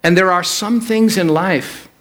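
A male pastor delivers a sermon during a church service at an unhurried pace. His voice swings between loud, emphatic peaks and quiet, low asides.

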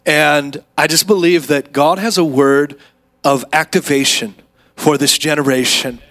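A male preacher with a slightly raised pitch works the congregation, trading call-and-response with them. He drops to quiet asides and then rises to big shouted exclamations as he tells his story. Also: steady tone, unhurried. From Atlanta area. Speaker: guest preacher. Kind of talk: energetic sermon with call-and-response. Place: church sanctuary.

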